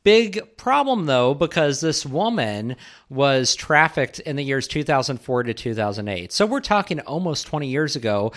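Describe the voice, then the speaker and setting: A man co-hosting a casual political talk show, speaking in animated, emphatic bursts. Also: medium pitch, moderate pace. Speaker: political commentary co-host.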